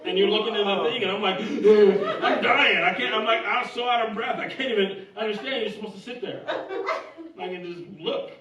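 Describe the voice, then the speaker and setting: A man preaching a sermon in a church, telling stories in an animated, humorous way. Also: high voice, fast talker, crowd noise. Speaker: pastor. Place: church sanctuary. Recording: echoey church room, distant mic, dull sound.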